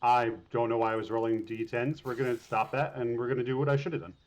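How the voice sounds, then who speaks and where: A man's voice: medium pitch, little pitch movement, quick pace. Easygoing man playing a tabletop game. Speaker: player. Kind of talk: casual game talk.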